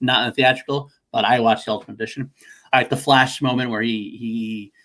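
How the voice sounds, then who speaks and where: A man co-hosts a casual movie podcast, speaking briskly in a mid-range voice that's fairly bright and fairly level in intonation. He rambles with enthusiasm, swears, and often restarts his sentences.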